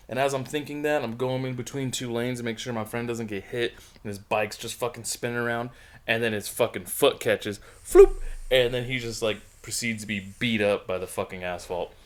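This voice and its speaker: A man in casual podcast chat, retelling a friend's crash with excitement, swearing and laughter. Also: mid-range voice, normal speed. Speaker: podcast co-host.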